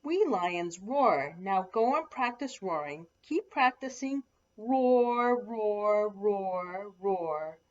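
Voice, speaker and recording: A woman doing a booming father lion. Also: expressive. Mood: firm, coaxing. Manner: booming, slow, insistent. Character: gruff big father lion, firm. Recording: lo-fi dull sound.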